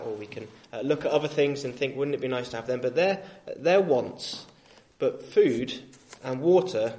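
A man with a medium-pitched voice preaches on the street, delivering a sermon in a gentle, reasoning tone and using lots of fillers and restarts.

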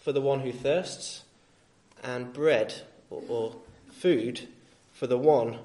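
A male street preacher giving a sermon in a gentle, reasoning tone, with frequent fillers and restarts. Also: mid-range voice, slow pace.

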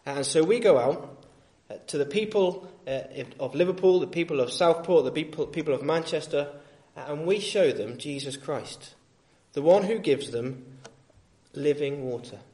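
A male street preacher giving a sermon in a gentle, reasoning tone, with frequent fillers and restarts. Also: fairly high pitch, normal speed.

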